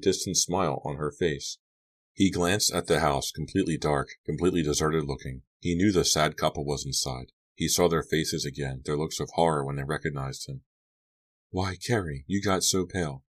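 A male narrator with an exceptionally deep, low voice reads a teen horror novel aloud. He delivers it as steady scripted audiobook narration and shifts his voice a little for each character's lines. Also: normal speed.

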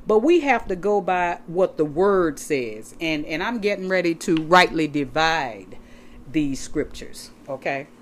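Animated woman preaching a sermon. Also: lowish voice, a little hiss or hum. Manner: emphatic, repeats words for stress, addresses listeners as saints; reads scripture aloud from notes and flips pages. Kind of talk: sermon with scripture reading.

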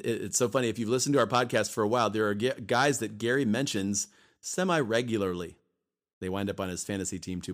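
Chatty, emphatic man with a lowish voice. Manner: chatty, emphatic, repeats himself, acts out quick voices. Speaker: podcast co-host. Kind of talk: casual podcast talk.

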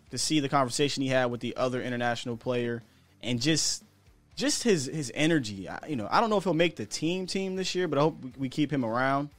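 A man's voice: mid-range voice, dry recording. An American man hosting a sports podcast, talking in a chatty, candid way with slang and the odd chuckle. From United States. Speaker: podcast host. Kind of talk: casual sports talk commentary.

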